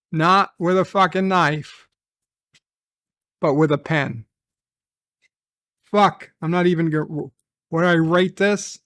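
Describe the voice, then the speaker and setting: A man with a high, clear, smooth voice rants through a review, swearing at every turn. He drags his words out slowly, heavy with anger. The recording is dry and close, with no room sound. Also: fairly even intonation, fairly bright tone, no room sound. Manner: angry, profane, swearing constantly. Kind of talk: ranting review reaction.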